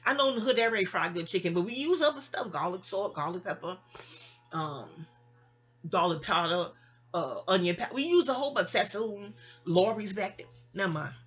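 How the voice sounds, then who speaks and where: Medium in pitch, fairly bright and husky, her voice is animated and brisk. The New York City vlogger relates a lengthy personal story in a casual, chatty monologue, sounding sleepy and frequently restarting or veering into asides.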